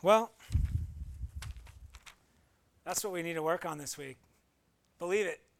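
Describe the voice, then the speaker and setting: A man delivers a sermon in a high, gravelly voice. He moves between talking plainly with his listeners and breaking out in sudden emphatic bursts, sounding earnest throughout. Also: fairly quick. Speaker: pastor.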